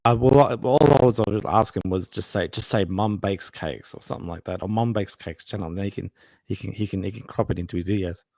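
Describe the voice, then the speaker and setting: A man's voice: lowish voice, fast, gravelly, a little mellow, no room sound. A man hosting a casual video-call chat, often restarting and repeating words. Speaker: host.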